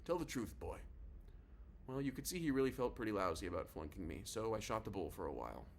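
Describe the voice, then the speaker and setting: A man's voice: lowish voice, sing-song, quick pace, vocal fry, a little hiss or hum. A male narrator giving a casual, confiding first-person reading of a novel. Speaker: audiobook narrator.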